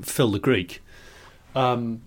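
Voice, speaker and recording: A man's voice: mid-range voice, very slow. A man, co-hosting a casual podcast chat, ranting and swearing freely. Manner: swears a lot, animated ranting. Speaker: podcast co-host.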